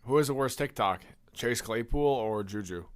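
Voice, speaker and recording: A young man co-hosting a podcast in relaxed, deadpan banter, often laughing. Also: mid-range voice, normal speed. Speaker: podcast co-host.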